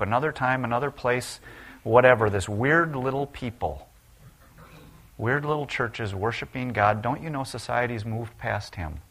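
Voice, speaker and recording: A middle-aged man delivering a sermon in a mid-pitched voice, telling Bible stories with lively voiced quotes. He swings from quiet, low asides to loud, high outbursts as he plays the people in each story. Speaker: preacher.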